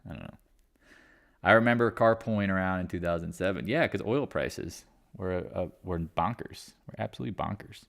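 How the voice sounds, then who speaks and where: Blunt, low-voiced market stream host. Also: male voice, a little fast, creaky. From Raleigh, North Carolina. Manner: blunt, swears, trails off and restarts. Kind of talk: casual live-stream market commentary.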